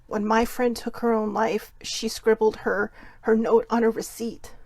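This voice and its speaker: A woman hosts a live self-care talk with a slightly high, gravelly voice. She speaks earnestly and heartfelt, leaning on repetition, close to the mic in a dry room. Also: darkish tone, no echo. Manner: earnest, heartfelt, repeats for emphasis. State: tearful. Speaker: host.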